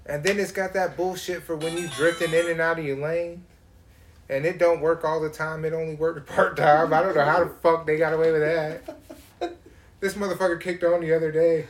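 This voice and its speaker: A man in casual chat, telling profane, animated stories. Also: fairly high pitch, brisk, roomy sound, faint music behind.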